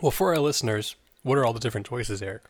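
A man's voice: mid-range voice, very fast. A man casually chatting on a podcast as co-host, with dry jokes.

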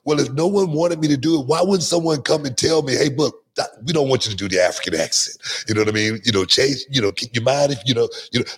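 Husky-voiced middle-aged man telling stories. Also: mid-range voice. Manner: animated storyteller, repeats words, quick restarts. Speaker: guest, former wrestler. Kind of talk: casual podcast interview storytelling.

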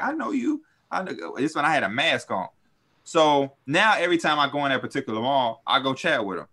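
Young male podcast co-host, bright tone, lively profane storyteller. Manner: animated, profane, swings high when quoting people. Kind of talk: casual storytelling chat.

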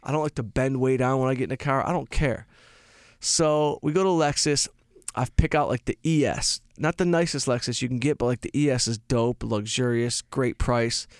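A man's voice: mid-range voice, normal speed, clean tone, no echo, clean studio sound. A male comedian and podcast host telling rambling, self-mocking stories in casual chat, swearing freely. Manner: profane, rambling storyteller.

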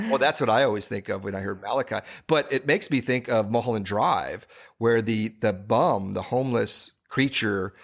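A man's voice: on the low side, moderate pace. A man co-hosting a podcast in casual chat, rambling with frequent restarts and fillers. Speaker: podcast co-host.

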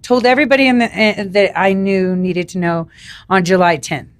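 A woman's voice: mid-range voice, normal speed, a little hiss or hum. A woman chatting and joking as a guest on a podcast, laughing often. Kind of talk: casual chat.

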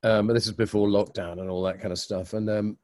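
Older man with a low voice, chuckling. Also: flat delivery, fast talker, darkish tone, no echo. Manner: anecdotal, chuckles while telling jokes. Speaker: guest, comedy producer. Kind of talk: casual podcast interview.

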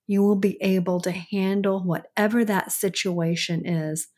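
A woman's voice: medium pitch, fairly even intonation, measured pace, a little mellow. A woman co-hosting a casual podcast, reacting supportively and reading out a quote of the day. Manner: supportive listener, reads out a daily quote. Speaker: podcast co-host. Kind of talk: casual chat.

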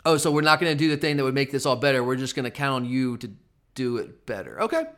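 A man's voice: mid-range voice, fast talker, fairly bright tone. A man hosting a casual sports betting podcast, teasing his co-host and rambling with frequent restarts.

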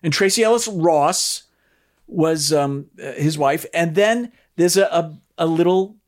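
A man's voice: on the high side, a little slow, a little mellow. A middle-aged man trading wry jokes as a podcast guest. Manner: wry, joking, teasing. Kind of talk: casual chat.

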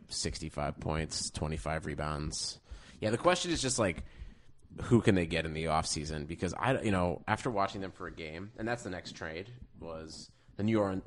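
A man's voice: deep voice, expressive, moderate pace, a little hiss or hum. A man co-hosting a podcast in casual sports chat, rambling through lists of players and draft picks. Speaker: podcast co-host.

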